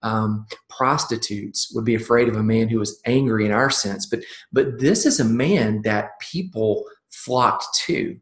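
A man's voice: fairly low pitch, a little slow. A man giving a conversational sermon-style talk at a ministry summit, earnest, often restarting sentences and checking in with "okay?". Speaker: speaker at a youth ministry summit. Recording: roomy echo.

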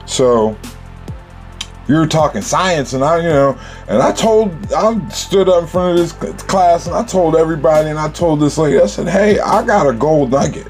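A man's voice: a little high, moderate pace, a little mellow, faint music behind. A man telling a childhood story in casual, streetwise slang, with lots of "you know.".

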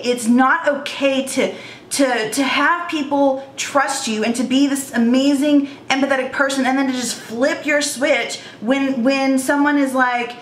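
A woman's voice: high-pitched, fairly bright tone, reverberant, a little hiss or hum. A woman in her thirties telling an earnest, emotional storytime vlog about her own experience. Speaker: vlogger.

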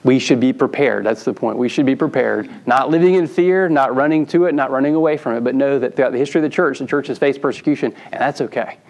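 Male pastor, mid-pitched voice, casual preaching with repeated points. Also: fast, hardly any pauses, a little mellow, low-quality recording. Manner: conversational preaching with restarts and emphatic repetition. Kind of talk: sermon. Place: church sanctuary.

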